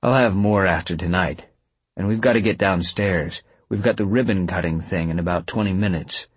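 A man voicing a kind young man who talks plainly and gently, a little awkward. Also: low-pitched, normal speed, husky, dry recording. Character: steady, kind young man talking to a ghost.

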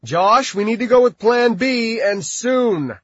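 A man's voice: very high voice, expressive, slow pace, a bit bright, breathy edge, no room sound, voice pushed up, exaggerated voice. A man voicing a commanding male guild fighter who barks urgent battle orders, on a slightly dull recording. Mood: shouting orders.

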